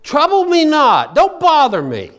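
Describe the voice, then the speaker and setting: A man voicing a grumpy, sleepy father in bed at midnight, speaking in slow, drawn-out, old-fashioned scriptural phrasing. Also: very high-pitched, huge pitch swings, fairly bright tone, voice pushed up, heavily acted. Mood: annoyed.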